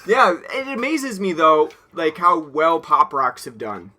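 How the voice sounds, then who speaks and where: A man's voice: on the high side, big pitch swings, unhurried, sharp tone. A young man co-hosting a podcast, chatting casually, rambling with fillers and laughing often. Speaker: podcast co-host. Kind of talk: casual chat.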